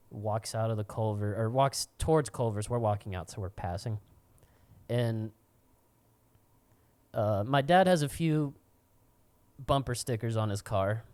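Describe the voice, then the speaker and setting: A man's voice: on the low side, darkish tone, dry recording. A young man co-hosting a podcast, telling a crude, rambling story with frequent laughs. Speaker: podcast co-host. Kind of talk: casual storytelling.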